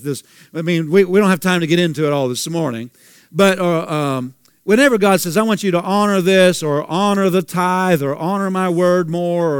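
A man's voice: high-pitched, clean tone, no room sound, studio quality. A male pastor preaching a sermon, asking the congregation questions and repeating phrases for emphasis.

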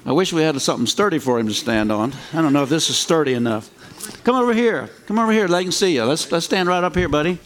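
A man leads a church service with an upbeat, encouraging manner. His voice sits a little high for a man. He laughs lightly between his phrases as he calls people up to speak. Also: animated, fast. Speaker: pastor.

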